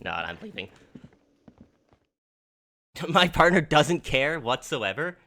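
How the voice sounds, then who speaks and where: A man's voice: mid-range voice, very animated, takes it slowly, pauses often, bright, forceful tone. A man streaming a game live, reading its dialogue aloud and joking, laughing and swearing in between. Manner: swears freely, laughs often, jokes while reading dialogue.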